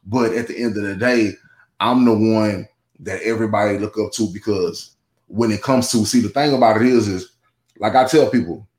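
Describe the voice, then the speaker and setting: Speaking at normal speed, a man with a fairly low, slightly mellow voice appears as a guest in a casual podcast conversation. He wanders through asides and frequent restarts, peppered with "you know what I'm saying," against a roomy echo.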